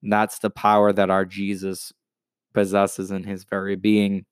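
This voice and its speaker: A man's voice: deep voice, completely flat delivery, a little slow, clear, resonant tone, dry recording. A man hosting a podcast, preaching with casual enthusiasm. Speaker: podcast host.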